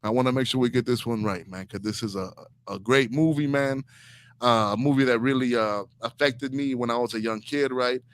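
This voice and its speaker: A man's voice: medium pitch, steady tone, brisk, clear, resonant tone, no room sound. A man from Inglewood hosting a podcast, delivering an opinionated comedic rant in heated slang. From Inglewood, Los Angeles. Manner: heated and slangy, peppering lines with "dog". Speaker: podcast host.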